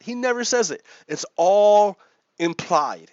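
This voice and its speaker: Sitting high in pitch yet a little mellow, this expressive man speaks a touch slowly in a dry recording. He hosts a gaming video, casually reading out and explaining politics with chuckles and frequent repetition, through a dull lo-fi mic.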